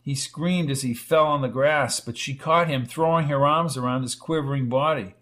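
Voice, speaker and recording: A man narrating a dramatic science fiction audiobook in a measured reading. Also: mid-range voice, fairly bright tone. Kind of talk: scripted narration.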